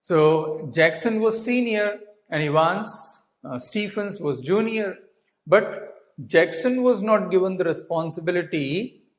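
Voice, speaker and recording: A man's voice: high voice, expressive, slow, poor audio. A man with an Indian English accent teaching a class, explaining a story by asking questions and then answering them himself. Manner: asks and answers his own questions; restates points, fills with uh and so. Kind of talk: explaining a textbook story to students.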